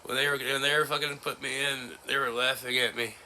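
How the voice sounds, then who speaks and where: A man in his forties talking in a personal vlog, halting and emotional, breaking into nervous laughs. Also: medium pitch, flat delivery, pushed and bright, a little hiss or hum. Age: 40s. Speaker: vlogger. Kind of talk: personal vlog recounting an ordeal.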